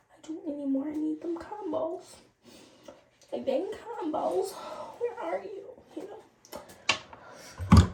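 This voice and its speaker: A woman's voice: high voice, creaky, a little hiss or hum. A woman in her late teens chatting to viewers in a casual storytime while doing her skincare. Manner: chatty, animated, addresses viewers directly. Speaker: vlogger. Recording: roomy and distant from the mic.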